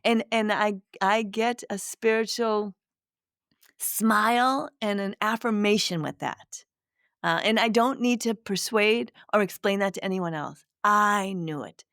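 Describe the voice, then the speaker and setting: A middle-aged woman, a spiritual medium, telling a personal story to listeners in a gentle, reflective way with many restarts. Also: mid-range voice, measured pace, clean tone, dry recording, studio quality. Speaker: spiritual medium, podcast host.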